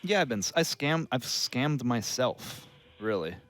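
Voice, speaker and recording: A man's voice: mid-range voice, lively intonation, measured pace, fairly bright tone, soft background music. A man co-hosting a podcast in casual comedic banter, rambling and defensive, with hesitant restarts. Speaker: podcast co-host.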